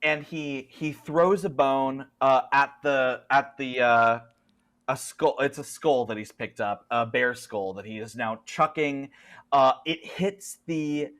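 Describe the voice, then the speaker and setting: A man runs a tabletop horror game as its game master, with a voice of ordinary middle pitch. He narrates in a loose, chatty way, breaking into laughs and backing up to restart his sentences. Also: slow, a bit bright. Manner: laughs often, lots of filler and restarts.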